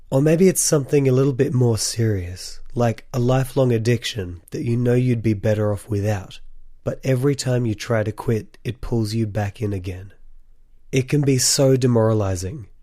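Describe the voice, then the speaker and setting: Guy hosting his podcast solo, a bit sick from a cold, warm mellow tone, dry close sound, earnest and encouraging. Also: medium pitch, no room sound. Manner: earnest, encouraging, speaks directly to listeners. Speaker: podcast host.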